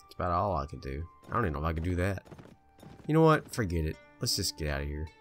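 A man casually commentating his own strategy game play, chatty and indecisive, bossing his troops around out loud. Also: low-pitched, sing-song, quick pace, soft background music. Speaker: gameplay video host.

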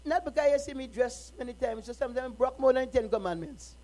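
A middle-aged woman minister preaching a sermon, moving from quiet, personal talk to impassioned shouting. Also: sits high, fast talker, low-quality recording.

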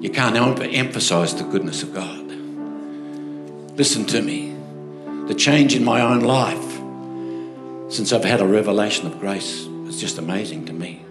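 A man's voice: fairly low pitch, moderate pace, pauses often. An older man with an Australian accent, a pastor telling stories in a sermon and calling for amens. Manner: storytelling, animated, asks crowd for amens. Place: church hall. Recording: echoey hall with music behind.

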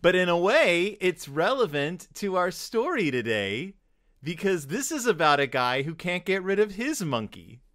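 A man's voice: sits high, very animated, unhurried, fairly bright tone, dry recording, clean studio sound. A man co-hosting a podcast in casual, jokey chat, laughing as he talks. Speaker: podcast co-host.

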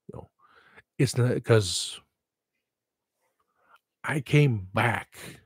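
A man with a husky, mid-range voice hosts his own live podcast stream, drifting from thought to thought with blunt, salty frankness. The sound is dry and close, with no room around it. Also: mid-range voice, extremely slow, pauses often, dry recording. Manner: rambling, frank, swears freely. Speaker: livestream podcast host. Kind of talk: casual rambling livestream chat.

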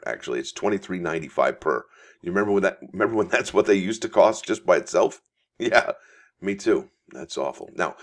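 Man, extremely low voice, folksy coin-news host, chatty commentary, asides while reading. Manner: reads articles aloud with asides.

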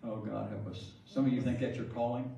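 A man's voice: mid-range voice, level tone, a little fast, vocal fry, crowd noise. A man preaching a sermon, telling stories with jokes and frequent laughter. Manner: jokey storytelling, laughs often. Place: large church sanctuary. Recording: echoey hall from far off.

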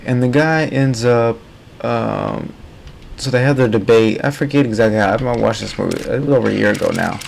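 A man's voice: medium pitch, fairly quick, gravelly, a little hiss or hum. A man giving casual, rambling commentary while playing a game. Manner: rambling, loose and chatty. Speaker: gaming streamer.

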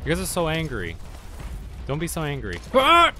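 A man's voice: fairly high pitch, fairly quick, slight background noise. A man giving let's play commentary on a game, swearing often and yelping at enemies. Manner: profane, excitable, yelps at enemies. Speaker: gamer.

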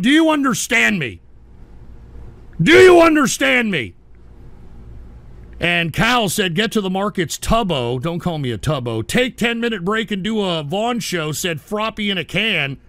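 Male live-streamer, higher voice, dry sound, reading chat and snapping back at trolls. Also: sharp tone, no room sound. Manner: exasperated, ranting at chat.

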